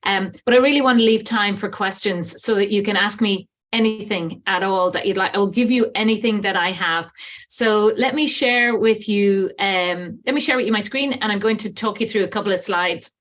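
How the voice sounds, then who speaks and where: A woman's voice: medium pitch, normal speed, fairly bright tone. A woman in her fifties with an Irish accent, speaking graciously as a guest presenter to an online group. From Ireland. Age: 50s.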